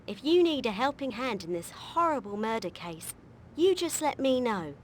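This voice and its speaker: Brief: a nervous, talkative game maid, high and lilting. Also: female voice, big pitch swings, moderate pace, a little hiss or hum. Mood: fussy. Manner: chatty, fussy. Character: flustered talkative female maid.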